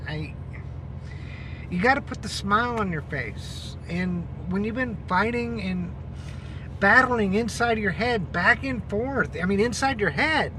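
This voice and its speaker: A woman vlogging casually to a handheld camera from inside a car, rambling and laughing often. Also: medium pitch. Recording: car engine noise.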